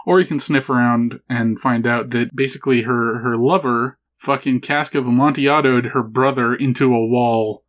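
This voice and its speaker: A man's voice: medium pitch, fairly even intonation, moderate pace, hardly any pauses. A man co-hosting a podcast in casual chat, laid-back, laughing often and swearing casually. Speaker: podcast co-host. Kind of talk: casual chat about a video game.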